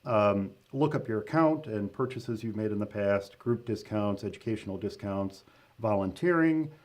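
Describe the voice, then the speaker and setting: A man's voice: on the low side, animated, moderate pace, a little mellow. A man hosting a casual live-stream update as the event organizer, talking loosely with many fillers, restarts and laughing asides.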